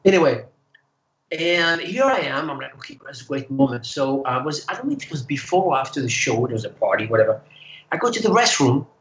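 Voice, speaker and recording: A man, a guest singer, telling animated stories in casual chat and acting out the voices of people he quotes. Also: on the high side, fairly quick, echoey room, muffled recording. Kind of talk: casual storytelling.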